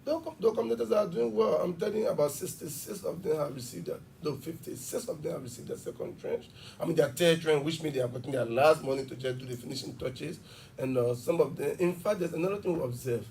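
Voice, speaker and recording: A man's voice: a little high, creaky, a little mellow, distant mic, a little hiss or hum. A man, an education official explaining at length in a TV interview. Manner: fast, emphatic explaining with examples. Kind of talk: television interview.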